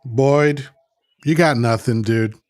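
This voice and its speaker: Speaking slowly with a mid-range voice on a dry recording, a male livestream host reads chat comments and argues back with mockery. It's a heated political rant, and he frequently repeats himself.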